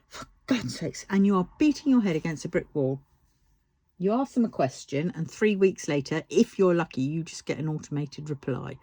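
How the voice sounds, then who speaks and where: A vlogger with a British accent, talking casually while diamond painting and ranting heatedly with frequent swearing. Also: dry recording. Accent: British English. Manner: lively rising and falling pitch when worked up. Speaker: crafting vlogger.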